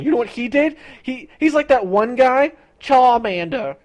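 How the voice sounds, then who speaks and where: A young adult streamer rambles to chat in a loose, profane rant. The talk stumbles and restarts, repeats words, and breaks into quick impressions of characters mid-sentence. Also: high voice. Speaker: livestreamer talking to chat.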